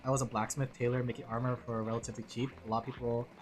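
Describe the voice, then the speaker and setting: A woman's voice: rumbling low, level tone, rapid-fire. A woman streamer chatting casually while she draws, rambling and thinking aloud as she reads chat. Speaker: vtuber streamer.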